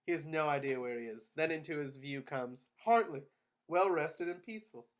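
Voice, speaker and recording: A man narrating the stage directions of a screenplay at a table read in a steady, matter-of-fact way. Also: fairly high pitch, moderate pace. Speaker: narrator of action lines.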